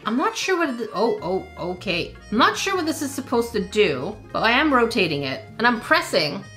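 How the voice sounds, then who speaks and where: A woman with a fairly high, lively voice hosts a casual let's-play of mobile games. She reacts out loud as she goes, with quick exclamations and laughter, over faint background music. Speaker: gaming video host.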